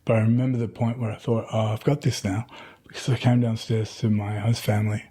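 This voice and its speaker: A man's voice: on the low side, level tone, a little fast, dark tone, breathy edge. A middle-aged man, from Tasmania, talking casually as an interview guest and rambling through stories with many fillers and restarts. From Tasmania, Australia.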